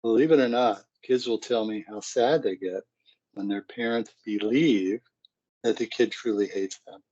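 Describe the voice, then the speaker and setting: Middle-aged man, low voice, conversational seminar speaker, dull lo-fi audio. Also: moderate pace, darkish tone. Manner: conversational, acts out scenes. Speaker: psychologist speaking to parents. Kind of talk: parenting seminar talk.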